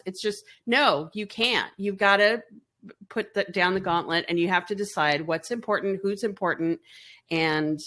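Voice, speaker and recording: A woman's voice: mid-range voice, normal speed. A woman hosting a podcast, chatting and affirming her guest. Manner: warm, affirming listener. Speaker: podcast host. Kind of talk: conversational interview.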